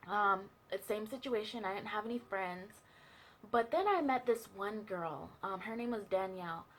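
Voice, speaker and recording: A woman's voice: medium pitch, normal speed, a bit bright, a little hiss or hum. A young woman telling a personal story in a chatty, casual way, full of fillers and asides. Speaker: vlogger sharing a testimony.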